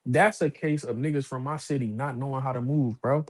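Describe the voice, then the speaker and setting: A man, co-hosting a casual boxing talk show, telling animated stories, acting out other people's voices and cursing freely. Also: mid-range voice, a little fast. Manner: animated storytelling, puts on voices of others, profane. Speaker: co-host of a boxing podcast. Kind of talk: casual chat.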